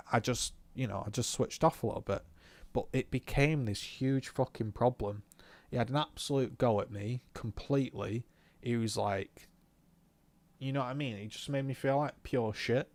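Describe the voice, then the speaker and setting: A young man telling a story in a swearing, animated rant about a driving lesson, talking from his car. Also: mid-range voice, no room sound. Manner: swears often, animated retelling. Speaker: vlogger. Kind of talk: casual ranting recount while driving.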